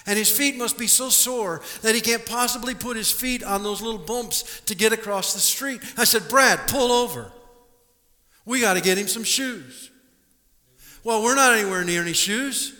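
A male pastor delivers a sermon with a high, bright, ringing voice. He repeats words as he goes and checks in with the congregation. The live recording carries a long hall reverb from the church. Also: normal speed. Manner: animated preaching with repeated words and audience questions. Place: church sanctuary.

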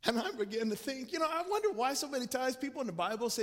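A man's voice: very high voice, lively intonation, very fast, a bit bright. A male pastor preaching a sermon, telling a personal story in an earnest, conversational way with frequent restarts. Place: church sanctuary. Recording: long church hall reverb.

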